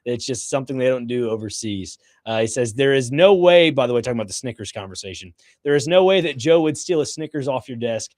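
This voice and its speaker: Male radio cohost reading listener texts, playful, mid-pitch, dry close mic. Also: lively intonation, quick pace, few pauses, darkish tone, no room sound. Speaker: sports radio co-host. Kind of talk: casual sports radio banter. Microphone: studio microphone.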